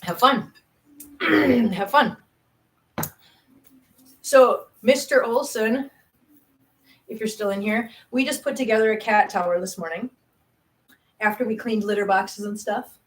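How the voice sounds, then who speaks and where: A woman's voice: on the high side, a little slow. A middle-aged woman hosting a casual live stream, chatting loosely with viewers, restarting sentences and laughing at herself. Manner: chatty, rambling, frequent restarts and self-laughs; reads viewer chat aloud. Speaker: YouTube cat channel host.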